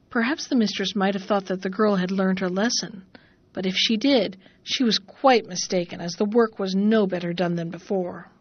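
A woman narrating a fairy tale in a measured, expressive reading voice. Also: mid-range voice, dry recording, highs cut off. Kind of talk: storybook narration.

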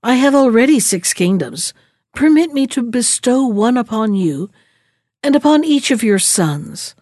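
A woman's voice: fairly high pitch, very animated, measured pace, darkish tone, no room sound, studio quality, voice pushed up. Woman reading as a gracious young princess.

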